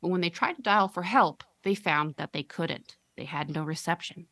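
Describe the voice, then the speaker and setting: A woman's voice: fairly low pitch, a bit bright, dry recording. Woman host reading a spooky story. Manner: dramatic, drawn-out storytelling. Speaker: podcast host. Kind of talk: reading a listener's horror story aloud.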